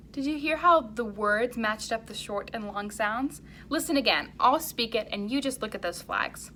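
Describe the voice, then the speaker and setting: A woman's voice: a little high, animated, a little hiss or hum. A woman teaching a music lesson to young children, leading them in chants and songs with plenty of encouragement. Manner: warm encouraging, slow and clear, sings and chants along.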